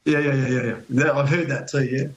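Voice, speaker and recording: A man's voice: mid-range voice, steady tone, fairly quick, muffled recording. An older man with an Australian accent, chatting casually and telling long, rambling anecdotes full of restarts. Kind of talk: casual chat.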